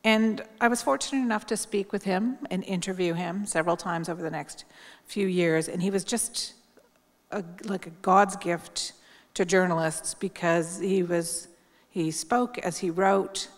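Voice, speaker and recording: Middle-aged woman, journalist, at the podium for a tribute speech; candid, wry, loose and conversational, fairly low voice, echoing hall. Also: fairly even intonation, unhurried. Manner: candid, wry, chatty with frequent ums. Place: large hall at a public event. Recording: long hall reverb.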